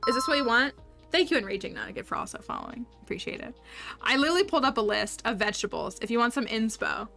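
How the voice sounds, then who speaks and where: A woman's voice: on the high side, animated, quick pace, creaky, sharp tone, soft background music. A woman livestreaming a game, chatting upbeat with her viewers and laughing often. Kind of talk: casual livestream chat with viewers.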